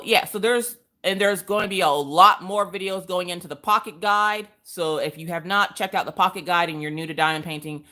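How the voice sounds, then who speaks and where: A woman's voice: on the low side, sharp tone. Chatty woman hosting a live stream. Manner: chatty, greets viewers by name, laughs often. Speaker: host of a live crafting stream. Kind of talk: casual live-stream chat.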